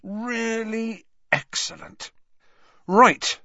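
A man's voice: very high-pitched, very slow, gravelly, sharp tone, no echo, voice pushed up, full character voice. A man voicing a determined teenage schoolboy. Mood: confident. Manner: earnest, sometimes urgent. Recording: dull lo-fi recording.

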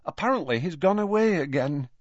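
A man's voice: a little high, expressive, brisk, no room sound, voice pushed up. A man voicing a sad, distracted young woman in an audiobook reading. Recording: dull dry audiobook recording.

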